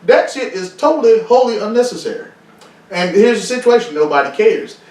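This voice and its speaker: A man's voice: sits high, expressive, brisk, a little mellow. A man hosting a casual interview, cutting in with direct, emphatic questions. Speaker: host. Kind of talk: casual talk show interview. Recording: echoey room, distant mic.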